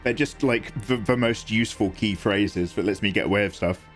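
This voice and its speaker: A man's voice: on the low side, brisk, soft background music. A man chatting casually and self-deprecatingly on a live art stream while he draws, reading chat aloud.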